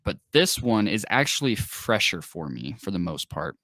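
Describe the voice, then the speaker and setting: A man's voice: low voice, big pitch swings, moderate pace, bright, forceful tone, no room sound, clean studio sound. A man co-hosting a casual film review podcast, talking enthusiastically with plenty of fillers. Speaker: podcast co-host.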